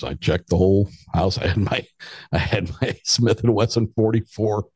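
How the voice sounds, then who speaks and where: A man's voice: fairly low pitch, mellow, no echo, clean studio sound. A man in his fifties, a podcast guest, telling a rambling story in casual chat and chuckling as he goes.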